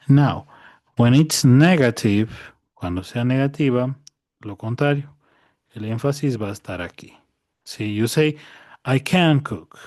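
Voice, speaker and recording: A man's voice: medium pitch, darkish tone, no echo, studio quality. A man teaching a language class online. He repeats each point patiently and keeps checking that his students understand.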